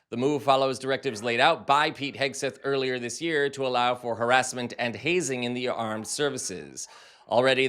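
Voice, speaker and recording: Man, political commentary host, impassioned, indignant, forceful tense voice, recorded at home. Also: medium pitch. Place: home with a mantle.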